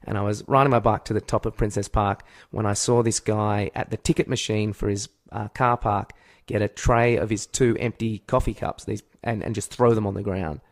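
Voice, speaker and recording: A young Australian man co-hosting a comedy podcast, telling rambling anecdotes and breaking into loud yelled impressions. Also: lowish voice, fairly even intonation, moderate pace, few pauses. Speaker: podcast co-host. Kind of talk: casual comedic chat.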